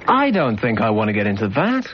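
A man's voice: on the low side, huge pitch swings, brisk, heavy background noise. A man hosting a late-night radio phone-in, joking and teasing his callers in casual banter over a studio microphone. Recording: slightly dull radio broadcast sound.

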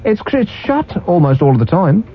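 A man hosting a late-night radio phone-in, teasing his callers and co-host with quick jokes. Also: high-pitched, big pitch swings, breathy edge. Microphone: studio microphone. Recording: dull radio broadcast sound.

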